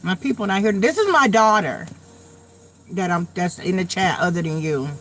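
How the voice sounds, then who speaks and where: Animated, blunt woman in her late forties. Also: on the low side, normal speed, slight background noise. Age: late 40s. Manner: blunt, profane, animated storytelling. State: getting over a cold, occasional coughs. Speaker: tarot reader hosting a live stream. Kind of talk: casual live chat.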